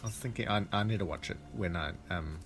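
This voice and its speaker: A man co-hosting a podcast, chatting casually and giving quick, relaxed replies. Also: deep voice, soft background music. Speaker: podcast co-host. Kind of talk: casual chat.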